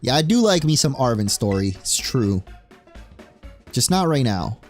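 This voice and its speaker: Young male game streamer from Spain, animated and jokey delivery, faint background music. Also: mid-range voice, a little slow. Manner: excitable, jokey, cheering at the screen. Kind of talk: casual let's play commentary.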